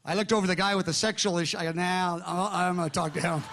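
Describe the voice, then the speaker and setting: A man's voice: high-pitched, steady tone, quick pace, a bit bright, a little hiss or hum. A middle-aged male pastor telling a story in a sermon, acting out the voices of the people he quotes.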